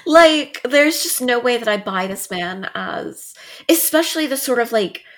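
A woman hosting a casual film podcast, talking in an animated way with sarcastic asides and frequent laughter. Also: on the high side, unhurried. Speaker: podcast host. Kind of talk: casual film review chat.

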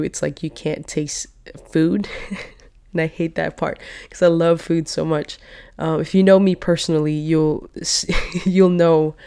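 A low, smooth, slightly mellow voice belongs to a woman in her 20s running her own podcast solo. She talks in a loose, wandering way while still a little sick, often saying "like" and "you know," all captured on a podcast microphone.

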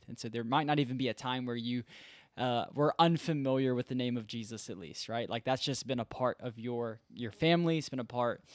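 A man's voice: mid-range voice, no echo, studio quality. A young man, a former intern who works with college students, talking earnestly in casual podcast chat and acting out bits of dialogue. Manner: earnest, conversational, reenacts dialogue. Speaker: former intern, campus ministry worker.

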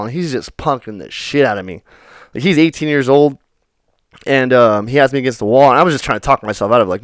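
A man's voice: mid-range voice, expressive, fairly quick, dry recording, clean studio sound. A young man hosting a podcast, telling stories off the cuff in a rambling, profane way with lots of fillers. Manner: rambling and profane, full of "you know" fillers. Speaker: podcast host. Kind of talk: unrehearsed storytelling monologue.

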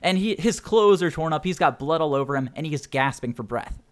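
A young man narrating as game master in a tabletop game, casual and quick to laugh. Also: on the high side, slight background noise. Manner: laughs often, casual and animated.

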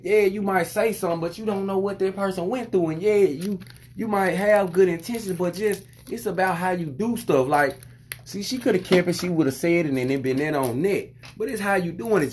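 A father telling a frustrating story to camera, venting in a loose, profane, animated way. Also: high voice. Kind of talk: casual storytelling monologue.

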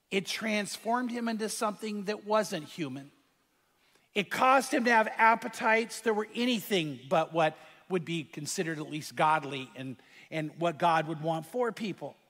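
A man delivers a sermon in a fairly high voice and tells a tense story in vivid detail. He repeats phrases to build suspense. His voice rings out with the long reverb of a big hall. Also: a bit bright. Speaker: pastor.

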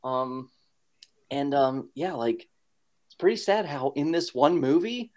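A man co-hosting a podcast speaks a little slowly in an animated, mid-range voice with a slightly mellow quality. He rambles casually, laughing frequently and leaning on fillers, in dull lo-fi podcast audio.

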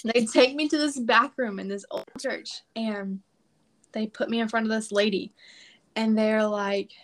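A woman's voice: fairly high pitch, steady tone, a little slow. A woman guest on a podcast, telling a personal story in a casual, emphatic way and acting out quoted prayers.

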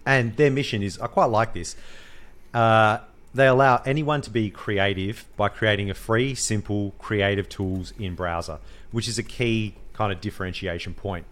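An Australian man co-hosting a podcast, bantering in a casual, matey way. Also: on the low side. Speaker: podcast co-host. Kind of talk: casual chat.

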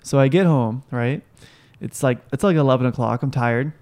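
A man's voice: medium pitch, normal speed, darkish tone. A man telling a story in casual chat, exasperated and swearing freely.

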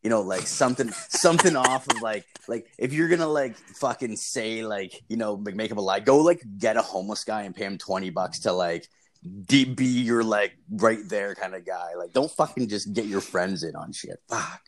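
A young man with a somewhat low voice talks in loose, rambling podcast chat. He swears constantly and piles filler into his stories. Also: moderate pace. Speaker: podcast co-host. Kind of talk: casual chat.

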